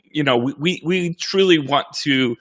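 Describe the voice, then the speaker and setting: A man pastor in a casual church update chat, talking in a reflective, halting way with frequent restarts. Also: a little high, a bit bright. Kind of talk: casual conversation.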